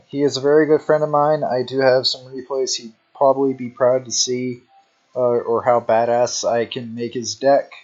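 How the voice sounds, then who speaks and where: A man's voice: medium pitch, level tone, a little mellow, dull audio. A man in casual rambling commentary, talking sleepily with lots of "you know" fillers. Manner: unhurried, drawn-out delivery. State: sleepy, yawning. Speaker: deck showcase narrator.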